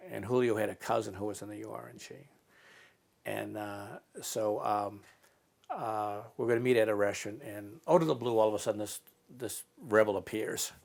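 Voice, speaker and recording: Interviewee: man, lowish gravelly voice, halting anecdotal delivery. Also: steady tone, a little mellow. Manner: halting, many fillers and restarts. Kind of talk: casual storytelling.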